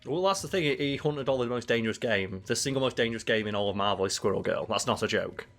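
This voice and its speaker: Fast-talking jokey male podcast co-host. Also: mid-range voice, lively intonation, a bit bright. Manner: jokey, profane, riffing. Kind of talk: casual chat.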